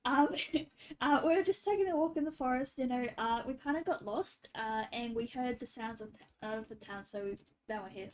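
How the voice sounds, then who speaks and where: A woman's voice: on the high side, normal speed, poor audio. A woman playing a tabletop game in character, speaking in a flustered, apologetic way. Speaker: player.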